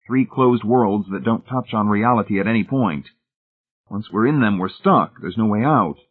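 A man's voice: fairly low pitch, moderate pace, breathy edge, voice pushed up. Guy doing a commanding leader, firm and sure, phone-line sound. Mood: assertive. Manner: forceful and decisive. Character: decisive, commanding man leading the group.

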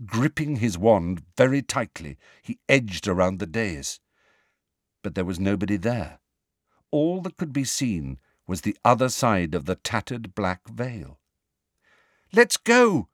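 A man narrating a storybook in a hushed, suspenseful way. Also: fairly low pitch, sing-song, a little slow, dry recording, clean studio sound. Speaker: audiobook narrator.

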